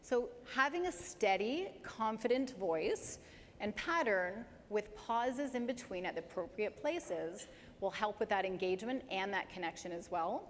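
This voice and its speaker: A woman giving a live career presentation to an audience, lively and emphatic, speeding up and slowing down to demonstrate points. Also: medium pitch. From Canada. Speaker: presenter at a dental career talk. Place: large hall with an audience. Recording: hall reverb, faint background noise.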